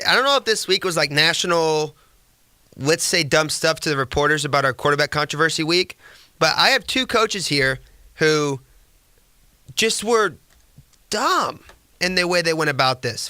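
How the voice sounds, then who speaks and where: A man's voice: fairly high pitch, pushed and bright, smooth, no echo. A man hosting a sports podcast, giving casual, sarcastic commentary that rambles. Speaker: podcast host.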